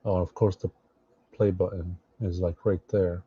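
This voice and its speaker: Low-voiced man thinking aloud, dull lo-fi. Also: flat delivery, husky, dry recording. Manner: thinks aloud, halting with fillers and restarts. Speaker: streamer reacting to social media posts. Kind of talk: casual live commentary.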